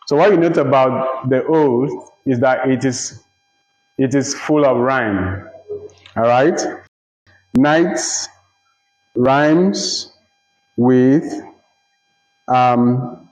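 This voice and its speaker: A man teaching a literature lecture, explaining slowly and deliberately, repeating phrases and checking that listeners follow. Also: mid-range voice, a little mellow. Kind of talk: recorded lecture. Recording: roomy, dull lo-fi recording.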